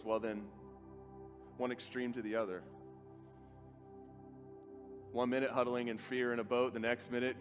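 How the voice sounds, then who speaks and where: A man preaching a sermon with an earnest, dramatic delivery, acting out quoted dialogue and dropping to a soft, quiet voice. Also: mid-range voice, little pitch movement, moderate pace, long pauses. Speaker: pastor. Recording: faint music behind.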